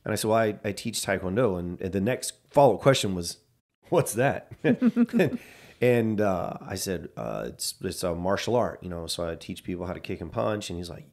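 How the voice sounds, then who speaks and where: A man's voice: low voice, lively intonation, a little fast, hardly any pauses, a little mellow. A man telling a personal story in casual chat, acting out the dialogue he quotes.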